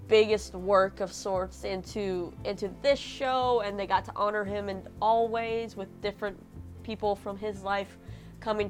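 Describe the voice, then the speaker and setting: A woman hosting a casual TV episode recap, chatty and emotional, with many fillers and restarts. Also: mid-range voice. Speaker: show recap host.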